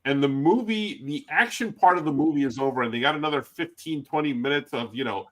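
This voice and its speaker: A man's voice: on the high side, fairly quick. A man with a wife and son chatting casually as a co-host, telling stories and laughing at them. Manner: chatty storyteller, laughs at his own stories. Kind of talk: casual chat.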